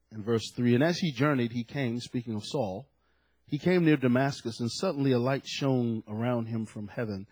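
A man preaching a sermon to his church, swinging from hushed, slow phrases to loud, fervent passages. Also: mid-range voice, breathy edge, no room sound. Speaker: pastor.

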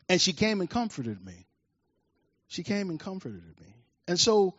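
Preaching a sermon, a man from Washington, D.C. tells personal stories, loudly acting out lively scenes, then drops to a soft, quiet tone when he reflects. His voice is high and slightly rough at a moderate pace, on a dry, dull-sounding recording.

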